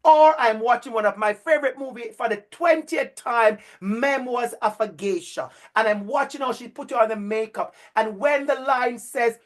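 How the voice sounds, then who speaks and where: Guy telling stories in a talk, animated, repeats himself a lot, calls people by name. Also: very high voice, moderate pace, few pauses. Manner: animated, repetitive, speaks directly to listeners by name. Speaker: speaker addressing future educators. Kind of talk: storytelling keynote talk.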